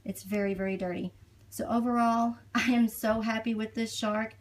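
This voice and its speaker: A woman's voice: on the high side, steady tone, normal speed, rough recording. A woman giving a casual product demonstration, explaining features in a plain conversational way. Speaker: product reviewer.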